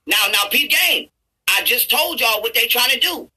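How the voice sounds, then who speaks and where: A man delivers an angry commentary rant with a husky, rough edge to his voice. His tone is piercingly bright, and he stumbles through restarts before rising into shouts. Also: extremely high pitch, animated, moderate pace, low-quality recording. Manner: profane, repetitive, stammering restarts, rising to shouts. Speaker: YouTuber. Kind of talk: angry ranting commentary over a played clip.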